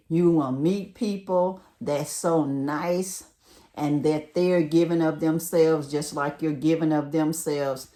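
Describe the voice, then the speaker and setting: A woman's voice: deep voice, takes it slowly, warm tone. A middle-aged woman from the United States with a Southern accent, chatting casually to her viewers in a folksy way as she gives advice. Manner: chatty, folksy, talks straight to viewers as "y'all". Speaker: vlogger giving relocation advice.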